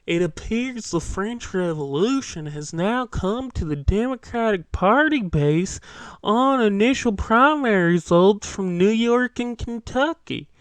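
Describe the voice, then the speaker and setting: A man's voice: high-pitched, lively intonation, unhurried, clear, resonant tone, dry recording, voice pushed up. A man doing an alarmed old politician. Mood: mock alarm. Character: older male conservative politician, alarmed.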